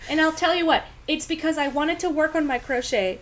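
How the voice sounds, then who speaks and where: A woman from Canada talks easily and laughs often as she co-hosts a relaxed chat at home. Her voice sits high. A faint hum of room noise lingers behind her. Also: brisk. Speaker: podcast co-host. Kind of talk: casual chat. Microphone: phone camera.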